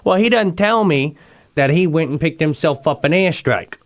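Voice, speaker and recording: Man, radio co-host, rambling comic storyteller, slightly high voice. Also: expressive, normal speed. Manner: rambling, with sudden swings of emotion.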